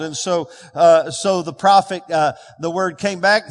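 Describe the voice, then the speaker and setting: A man's voice: sits high, a little fast, few pauses. A man preaching a sermon as pastor, emphatic and calling on the congregation to respond. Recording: long reverb of a large hall.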